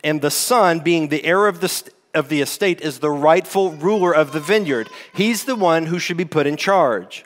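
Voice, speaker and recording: A man's voice: a little high, normal speed, hardly any pauses. A man preaching a sermon as lead pastor, teaching in a conversational way with rhetorical questions. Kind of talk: expository sermon. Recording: long hall reverb.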